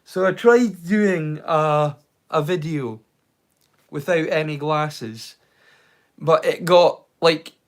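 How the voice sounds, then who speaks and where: A Scottish-accented man hosts a live watch-along stream, chatting casually and drifting playfully into silly rhymes and jokes. His voice is fairly high, and he talks slowly with long pauses.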